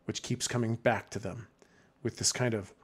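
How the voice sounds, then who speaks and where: A man's voice: on the low side, steady tone, normal speed. A man narrating as game master in a casual way, laughing and filling with restarts.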